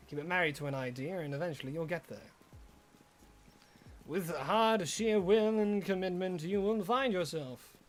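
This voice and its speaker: A game streamer rambling jokily during a live stream and bursting into excited shouts at lucky finds. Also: medium pitch.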